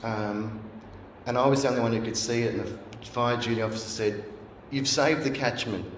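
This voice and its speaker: A man's voice: mid-range voice, fairly even intonation, moderate pace, slight background noise. Man telling a roomy sermon story. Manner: earnest storytelling, acts out remembered voices. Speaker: guest speaker. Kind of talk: sermon told as personal story. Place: church hall. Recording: roomy echo.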